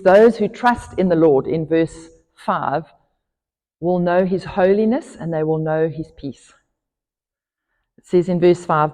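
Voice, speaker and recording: A woman's voice: fairly low pitch, warm tone. A woman pastor preaching a sermon, earnest and emphatic, rising in force when she reads scripture. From South Africa. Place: church hall. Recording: church hall reverb.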